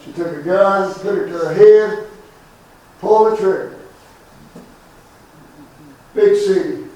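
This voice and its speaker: Loud preacher in an echoey hall. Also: male voice, high-pitched, muffled recording. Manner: loud, fervent, drawn-out preaching with rising shouts. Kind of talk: funeral sermon. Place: church or funeral hall. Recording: echoey room from far off.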